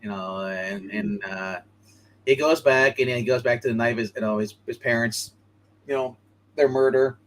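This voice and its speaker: A man hosting a live online comic book show, chatting casually and excitedly, laughing often and acting out lines from the panels. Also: medium pitch, low-quality recording. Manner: excitable, laughing, acts out comic lines in quick put-on voices. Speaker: podcast host.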